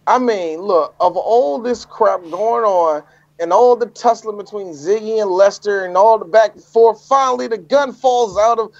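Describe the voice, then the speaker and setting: A man's voice: high-pitched, normal speed, a little mellow, no room sound, highs cut off. A man co-hosting a casual podcast, emphatic and teasing, repeating himself for effect. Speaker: podcast co-host. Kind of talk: casual chat.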